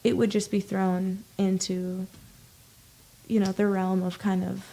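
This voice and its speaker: A woman's voice: medium pitch, flat delivery, unhurried, creaky, warm tone. A young woman guest on a podcast, an actor, talking thoughtfully and agreeably, sometimes drawing her words out. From United States. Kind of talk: casual interview chat.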